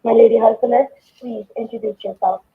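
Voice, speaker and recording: A woman's voice: fairly high pitch, steady tone, normal speed, breathy edge, narrow, tinny audio. A woman co-moderating an audio chat room, effusively praising and introducing speakers.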